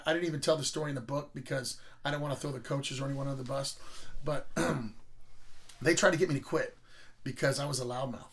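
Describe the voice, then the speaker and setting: Gravelly, profane man telling stories. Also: on the high side. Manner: rambling, profane, animated. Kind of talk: casual storytelling.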